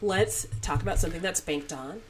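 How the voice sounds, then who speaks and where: A woman's voice: lowish voice, a crowd in the background. A woman co-hosting a pop-culture podcast, chatting casually and laughing often. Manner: giggly, quick to laugh, agreeable. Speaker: podcast co-host. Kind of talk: casual chat.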